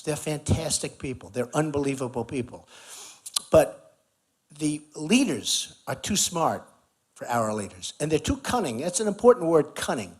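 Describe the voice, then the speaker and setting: A political candidate addresses a rally at an outdoor barbecue, speaking emphatically and circling back to the same points in a conversational, riffing style. His voice is fairly high and very animated, with a darkish, slightly rough tone, delivered at a normal speed.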